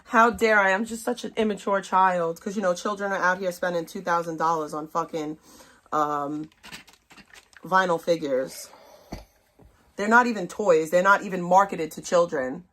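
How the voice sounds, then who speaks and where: A woman's voice: on the low side, moderate pace, a bit bright. A woman, ranting bluntly and profanely to her stream chat. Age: 30s. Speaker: livestream host. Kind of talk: casual rant to stream chat.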